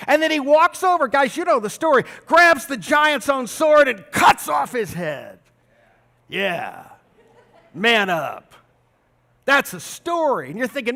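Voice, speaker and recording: A man preaching a sermon as pastor, telling stories with big swings between loud and soft. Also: sits high, normal speed. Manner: animated storytelling with big swings of loudness. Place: large church hall. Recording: long reverb of a church hall.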